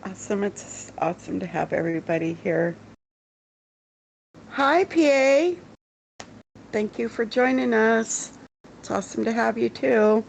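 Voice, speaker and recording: A woman's voice: on the high side, unhurried, creaky, pauses often, a little hiss or hum, low-quality recording. A woman hosting a casual livestream, chatty, greeting viewers in the chat and laughing easily. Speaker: show host.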